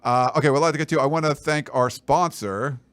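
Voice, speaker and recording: A man's voice: mid-range voice, fast talker, fairly bright tone, smooth, no echo. A man co-hosting a sports podcast, joking and rambling through plugs and sponsor reads while teasing his co-host. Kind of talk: casual chat with sponsor reads.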